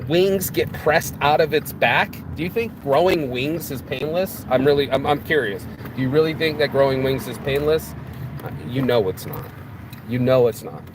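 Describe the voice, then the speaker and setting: A man's voice: medium pitch, slight background noise. A man giving a casual motivational monologue outdoors. He speaks bluntly, swears freely and hammers his points home by repeating them. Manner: blunt, profane, preachy, repeats himself. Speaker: motivational vlogger.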